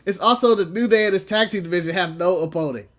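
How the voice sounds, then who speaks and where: A man's voice: high voice, fast talker. A man co-hosting a wrestling podcast in casual chat. He laughs often and tells stories with acted-out quotes.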